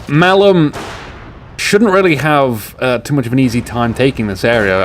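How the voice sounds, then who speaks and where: British man, mid-pitched voice, casual game caster, jokey rambling commentary, game gunfire loud in the background. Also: slight background noise. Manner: joking, rambling, sarcastic asides. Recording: game gunfire and explosions in the mix.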